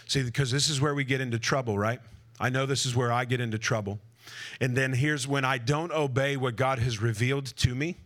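Man, conference speaker, preaching talk, energetic, jokey asides, questions to the audience, mid-pitched voice. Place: conference hall before a live audience.

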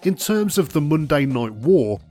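A man reading a scripted retrospective narration in a steady, even documentary manner. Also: a little high, unhurried, soft background music.

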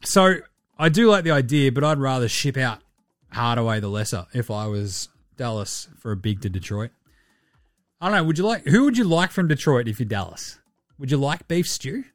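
A man's voice: medium pitch, no echo, studio quality. An Australian man hosting a podcast, chatting casually and rambling with plenty of swearing and jokes. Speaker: podcast host. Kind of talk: casual sports chat.

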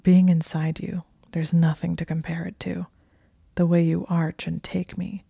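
In a whispered role-play, a woman puts on a commanding young man who murmurs in a husky, deep hush. The voice stays low and flat with a dark, mellow tone. It is recorded dry and close. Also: a little slow, no echo, heavily acted.

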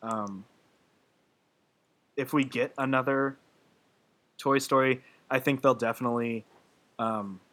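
A man's voice: medium pitch, steady tone, slow, pauses often, fairly bright tone. A man in casual podcast chat, gushing and emotional, rambling with many fillers and restarts. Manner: gushing about a film, laughing through his words.

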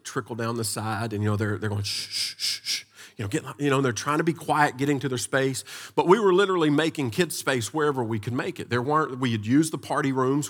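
A husky-voiced male pastor tells a church story. He speaks conversationally, often restarting his sentences as he goes, and his voice sits at a middle pitch. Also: fairly bright tone. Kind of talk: sermon storytelling.

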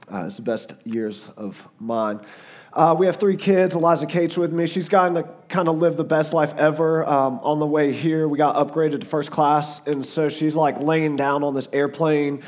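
A man in his forties with a Southern US accent, a guest preacher telling casual, joking stories about his family with a hoarse, fading voice. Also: on the high side, fairly even intonation, moderate pace, darkish tone. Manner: chatty and joking, lots of "like" and "uh". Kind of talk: casual storytelling before a sermon.

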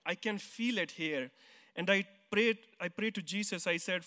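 A man's voice: high-pitched, normal speed, sharp tone. A man from India with an Indian English accent, giving a personal testimony in church on a handheld mic, speaking simple, earnest English with some hesitant restarts. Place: church hall. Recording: long reverb of a church hall.

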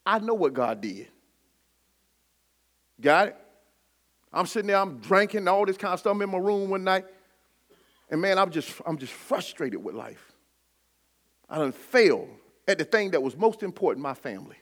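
Preacher guy, middle-aged, high bright voice, call and response, gets shouty. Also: expressive, moderate pace, long pauses. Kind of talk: sermon with personal testimony.

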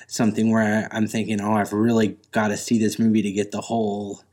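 A man's voice: on the low side, monotone, fairly quick, a little mellow. A man co-hosting a podcast, hesitantly thinking aloud about what a movie's story might do. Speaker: podcast co-host. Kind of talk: casual chat, speculating about a movie.

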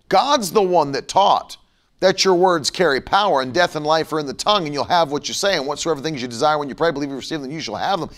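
A middle-aged man with a slightly high, somewhat bright voice preaches a broadcast sermon and leads a prayer. He is emphatic and fervent, occasionally mocking those who criticize him.

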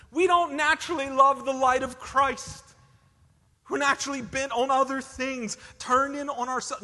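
Male preacher, bright high voice, slow and emphatic, swinging from loud to hushed; recorded in a large reverberant hall. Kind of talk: sermon.

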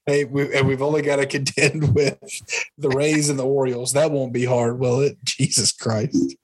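A man's voice: mid-range voice, level tone, moderate pace, slightly rough, poor audio. Easygoing man in casual podcast chat. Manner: easygoing, rambling, laughs along. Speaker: podcast co-host.

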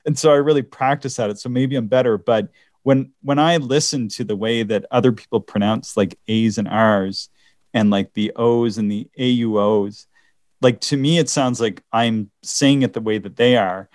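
A man's voice: mid-range voice, steady tone, normal speed, darkish tone, no echo, clean studio sound. A man from the Canadian Maritimes co-hosting a podcast in casual chat, often stopping and restarting his sentences. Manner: hesitant, many restarts and laughs. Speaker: podcast co-host.

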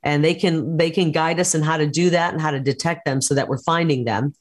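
A woman candidate speaks with firm, combative conviction. Her delivery is steady and emphatic, with punchy repeated promises. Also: low voice, brisk. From United States. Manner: forceful, combative campaign talk. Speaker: political candidate. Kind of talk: interview over a call.

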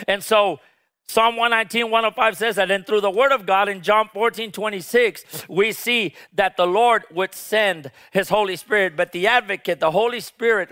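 A man's voice: high voice, moderate pace, sharp tone, smooth. A man preaching a sermon as pastor, leading the congregation in call-and-response with passionate, emphatic peaks.

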